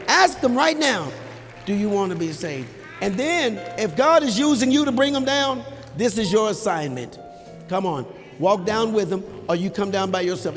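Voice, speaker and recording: A male pastor giving a sermon altar call, urging the congregation to come forward with repeated calls that rise to shouting. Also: high voice. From Texas. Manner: rises to shouting at peaks. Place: large church sanctuary with balcony. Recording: live church sound with long reverb and soft music.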